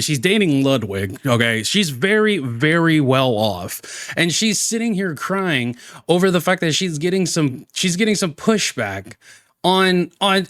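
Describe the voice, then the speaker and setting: A man's voice: sits high, a bit bright, dry recording, studio quality. A man giving exasperated reaction commentary on a streamer, ranting with many restarts.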